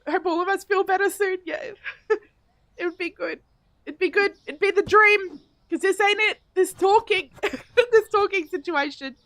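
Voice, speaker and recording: A woman with a very high-pitched, fairly bright voice live-streams a game, chatting casually with viewers, giggling often, and musing aloud while she plays. There's no echo.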